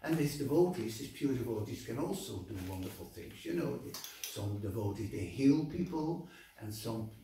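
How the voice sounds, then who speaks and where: A man giving a temple class as an animated storyteller, acting out voices and stopping for fillers, recorded from far off in a large temple hall. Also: medium pitch, normal speed, a little hiss or hum. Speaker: lecturer at a temple. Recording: echoey hall, mic far off.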